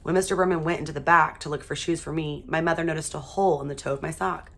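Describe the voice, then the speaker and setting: A woman teacher reading a children's chapter book aloud in a steady, expressive way. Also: low-pitched, quick pace, hardly any pauses.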